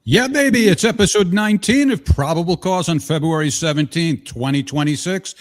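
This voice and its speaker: A man's voice: fairly high pitch, lively intonation, moderate pace, no room sound. A man hosting a podcast, opening the show in a playful, teasing way. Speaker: podcast host. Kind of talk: energetic show introduction.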